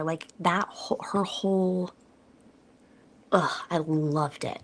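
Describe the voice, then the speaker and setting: A woman's voice: lowish voice, fairly even intonation, slow, pauses often. A foul-mouthed woman co-hosting a podcast, chatting enthusiastically about a film. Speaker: podcast co-host. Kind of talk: casual movie review chat.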